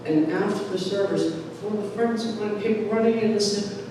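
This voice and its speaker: A man in his sixties telling a personal story live on stage, animated and lively, recorded from far off in an echoey, noisy hall. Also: high-pitched, moderate pace. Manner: animated, lively, acts out voices.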